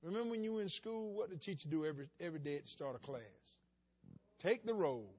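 A man preaching a sermon, swinging between soft conversational asides and sudden shouted, rising emphasis. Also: a little high, animated, fast talker. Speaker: pastor.

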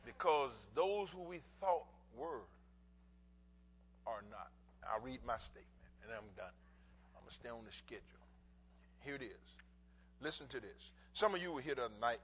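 A middle-aged male pastor preaching a sermon in folksy bursts, repeating words for emphasis and swinging from quiet asides to shouts. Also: medium pitch, sing-song, normal speed, long pauses, slight background noise, poor audio.

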